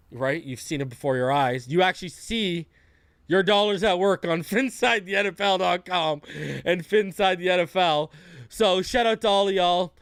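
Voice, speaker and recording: A man hosts a live fan podcast, chatting easily and tossing out greetings to his viewers. His voice sits a little high and comes through smooth and clean. The close mic gives a dry sound. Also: no room sound. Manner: laid-back, greets viewers by name, slangy. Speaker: podcast host. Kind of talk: casual live-stream chat. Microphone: close desk mic.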